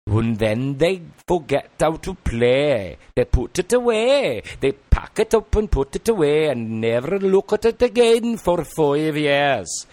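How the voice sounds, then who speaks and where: A man putting on a Welsh accent, telling a rambling story in an animated, sing-song way. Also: fairly high pitch, a little slow, few pauses, no echo, voice pushed up.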